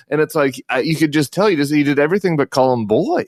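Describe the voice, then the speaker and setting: A man speaking as a podcast guest in political commentary chat, talking fast and emphatically, often restarting sentences. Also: fairly high pitch, animated, no room sound, studio quality.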